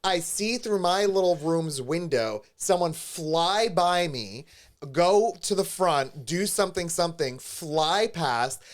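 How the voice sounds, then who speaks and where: A man's voice: a little high, lively intonation, slow pace. A man co-hosting a podcast, telling a story animatedly in casual chat and acting out the voices of the people he quotes. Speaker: podcast co-host. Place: studio with a live stream.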